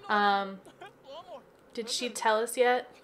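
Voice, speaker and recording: A woman's voice: fairly high pitch, steady tone, slow, fairly bright tone. A woman chatting casually through gameplay commentary from her home office, giggly and filling her talk with "like" and "um". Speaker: let's play gamer.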